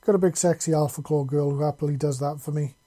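Guy reading as a scary drawling wanderer, fake polite, dark husky voice. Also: fairly high pitch, fairly even intonation, natural voice. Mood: menacing drawl. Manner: mock-polite, slow and threatening. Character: menacing drawling male wanderer with an accent.

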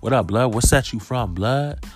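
A man's voice: medium pitch, normal speed, soft background music, natural voice. A man voicing street-tough male demons who talk in challenging slang. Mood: defiant.

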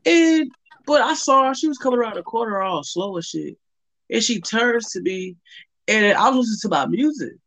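A man's voice: high-pitched, lively intonation, moderate pace, fairly bright tone, poor audio. A young man telling a rambling, profane story in casual chat on a call, heavy with fillers.

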